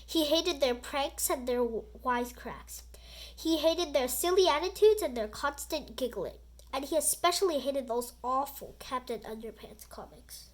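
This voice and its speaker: A woman reading a children's book aloud in an animated, expressive storytelling voice. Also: high-pitched, normal speed.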